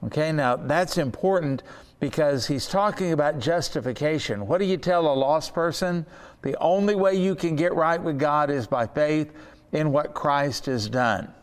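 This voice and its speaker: A man with a fairly high, smooth and resonant voice leads a Bible study lesson. He speaks earnestly and slows down to press home key words. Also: long reverb tail. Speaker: Bible teacher.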